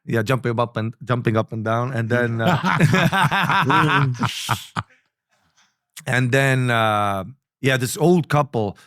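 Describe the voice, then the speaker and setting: A man's voice: mid-range voice, animated, slow, long pauses, fairly bright tone, no echo. A man hosting a casual chat, telling long, crude, rambling stories. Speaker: podcast host.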